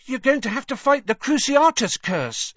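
A nervous teen boy in an audiobook, high and tense delivery, slightly dull sound. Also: sing-song, moderate pace, a bit bright, dry recording, heavily acted. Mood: anxious. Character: nervous clumsy teenage schoolboy. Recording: dry, slightly dull studio recording.

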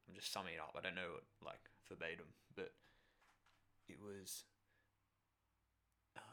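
A man with a deep voice shares a personal story in a loose, casual way. His voice has a gravelly fry, and he wanders and corrects himself as he talks. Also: a bit bright. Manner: rambling, filler-heavy, self-correcting.

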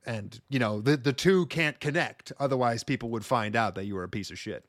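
Man, podcast co-host, casual movie talk, animated, swears a lot, average pitch, dry close sound. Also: fairly quick, dry recording.

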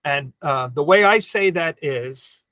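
A man's voice: a little high, slow, no echo. A veteran optician in his seventies, a man telling stories with emphatic energy as a podcast guest. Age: 70s. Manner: animated storyteller, emphatic. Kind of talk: casual podcast conversation.

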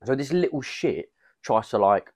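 A man's voice: medium pitch, expressive, moderate pace, dry recording. A young man, co-hosting a podcast and telling rambling stories full of slang. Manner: rambling storytelling with fillers and slang. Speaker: podcast co-host. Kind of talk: casual chat.

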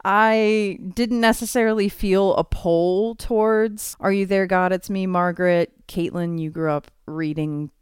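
Chatty woman podcast co-host, smooth voice. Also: mid-range voice, fairly even intonation, measured pace, few pauses, no room sound, studio quality. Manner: chatty, laughs often. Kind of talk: casual chat.

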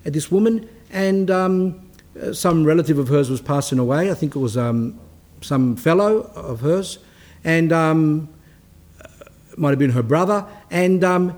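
A man's voice: fairly high pitch, a little slow, a little mellow. A man, a priest giving a spoken sermon in a rambling, anecdotal way with frequent restarts.

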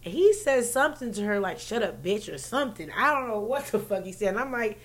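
A woman telling a story in casual chat, profane and animated, with loud bursts of laughter. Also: medium pitch, a little fast. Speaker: podcast co-host telling a story.

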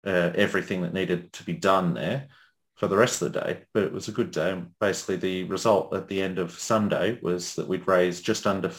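A man's voice: low-pitched, fairly even intonation, fairly quick. A man with an Australian accent, a guest on a casual podcast, who talks hesitantly and corrects himself often. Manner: hesitant, self-correcting, with many fillers. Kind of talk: casual chat.

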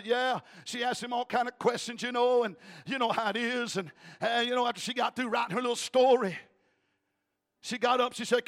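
A male evangelist preaching in a church, telling a story emphatically and rising to shouts. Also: sits high, steady tone, brisk. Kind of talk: storytelling sermon.

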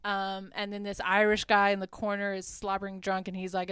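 A young woman talks through a movie's plot like she's telling a friend, with loose filler words and amused asides. Her voice is smooth and clear, and it sounds close and dry with no room around it. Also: medium pitch, steady tone, moderate pace, few pauses, fairly bright tone, no room sound. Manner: chatty, lots of "like", laughs at her own asides. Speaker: podcast host. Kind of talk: casual movie recap.

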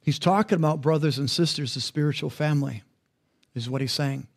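A male pastor giving a sermon with a high voice for a man. He talks casually and keeps turning to the congregation with questions and quick asides. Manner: conversational, interactive, asks the congregation questions.

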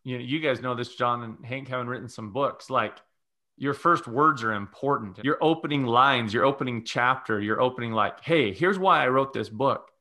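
Bright-voiced man giving teacherly advice. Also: mid-range voice, normal speed. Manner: teacherly, lays out numbered steps. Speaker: guest religious educator. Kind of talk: podcast conversation.

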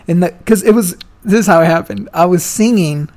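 A man's voice: high-pitched, fairly quick, darkish tone. A young man, a guest, chatting casually and telling a long story, swearing freely and full of slang. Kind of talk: casual chat.

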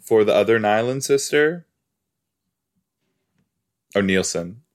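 A man hosting a podcast, chatting casually as he reacts to a TV episode, easily amused and quick to gasp and laugh. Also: fairly low pitch, animated.

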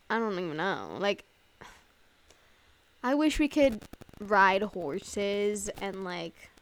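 A woman's voice: medium pitch, clean tone, no echo. Young woman rambling on her podcast. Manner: rambling, filler-heavy, profane, laughing at herself. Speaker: podcast host. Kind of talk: casual solo podcast chat.

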